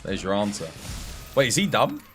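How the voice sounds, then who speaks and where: A man with an English accent, chatting casually on a game livestream and coaching viewers in a relaxed, friendly way. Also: fairly low pitch, moderate pace, soft background music. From England. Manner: relaxed, chatty, addresses chat as mate.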